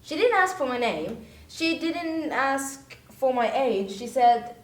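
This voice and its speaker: A woman's voice: big pitch swings, takes it slowly, full character voice. A young woman acting as an earnest teenage orphan girl, telling her story to a friend in a rambling, hesitant vlog style. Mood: animated. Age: teens. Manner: rambling, hesitant, full of restarts and fillers. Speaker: actor in a vlog-style web series. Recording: roomy sound from a distant mic, faint rumble.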